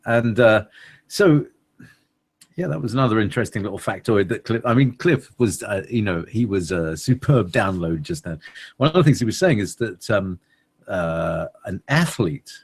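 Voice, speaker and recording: A man chats on a talk radio show in a husky voice. His pitch rolls up and down in a lively way. He wanders from thought to thought, full of fillers and playful asides. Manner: rambling and playful, with many fillers and laughs. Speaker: co-host. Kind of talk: casual radio chat.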